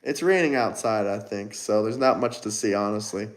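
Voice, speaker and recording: A man's voice: on the low side, moderate pace, poor audio. A man hosting a casual livestream, firing mocking, combative replies at his chat. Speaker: livestream host.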